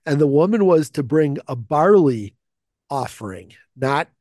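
A man's voice: on the high side, lively intonation, measured pace, a little mellow, no echo, studio quality. A man leading an informal Bible study, talking through a passage conversationally, asking rhetorical questions and often restarting his phrases. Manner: conversational, thinking aloud with frequent fillers and restarts.

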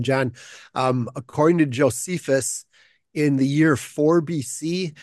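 A man's voice: mid-range voice, a little mellow, no echo, studio quality. A man discussing a Bible parable in an explanatory way, building on others' points.

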